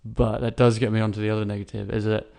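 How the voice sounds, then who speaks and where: A young man co-hosting a casual podcast chat, talking bluntly and cursing freely as he tears into a film. His voice sits on the low side and has a gravelly edge to it. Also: fast. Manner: blunt, swears freely, animated when ranting. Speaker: podcast co-host.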